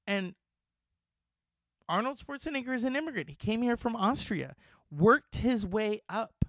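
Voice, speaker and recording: A man hosting a casual talk show, animated and outspoken, swearing freely. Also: high-pitched, a little slow, vocal fry, long pauses. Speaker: host.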